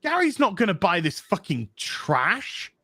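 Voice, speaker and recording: Male co-host, high bright voice, heated sweary rant. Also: measured pace, dry recording. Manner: profane and animated, mocking voices of others. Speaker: comic book show co-host. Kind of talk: heated opinion rant on a livestream panel.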